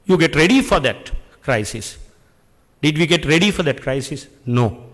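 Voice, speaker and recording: A middle-aged man, giving an earnest, deliberate speech at an industry function and posing rhetorical questions. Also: on the high side, animated, long reverb tail. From Sri Lanka. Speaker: public speaker addressing an industry function. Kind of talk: speech at an event. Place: function hall.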